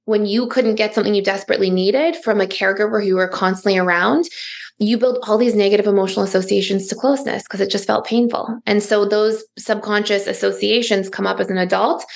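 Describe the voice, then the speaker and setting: Gravelly-voiced woman therapist explaining. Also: medium pitch, fairly even intonation, quick pace. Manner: fluent, explains with examples, frequent "like". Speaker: therapist and podcast guest. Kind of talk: explanatory interview talk.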